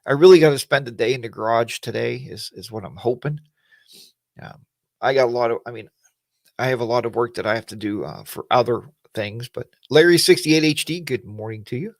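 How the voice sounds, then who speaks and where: Male stream host, gravelly voice, dry close sound, rambling folksy chat with viewers. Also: medium pitch, fairly quick, dry recording. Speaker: host of a weekly livestream chat. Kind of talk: casual livestream chat.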